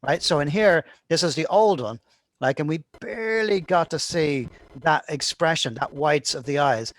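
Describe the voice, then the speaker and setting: In a casual screen-recorded tutorial, a male animation instructor describes how he polishes his work, repeatedly asking "right?". His fairly high voice is expressive and fairly bright, delivered at a moderate pace.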